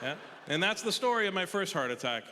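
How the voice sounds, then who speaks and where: A man telling an animated, exaggerated story as a stand-up comedian, often checking in with a quick "right?". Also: high voice. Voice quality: animated, exaggerating, tag questions. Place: comedy festival stage in a large hall. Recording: reverberant live hall with audience noise.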